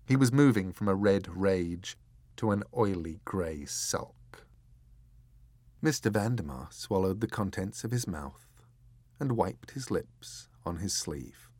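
A male audiobook narrator with a lowish voice, reading in unhurried, deliberate scripted narration. The sound is dry and close, with no room around it. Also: animated, a little mellow, no echo. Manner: measured, deliberate storytelling.

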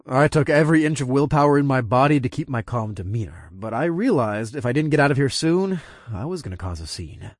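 A man narrating a first-person story with expressive delivery. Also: medium pitch, fairly quick, no room sound, studio quality. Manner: expressive, voices every character. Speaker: audiobook narrator.

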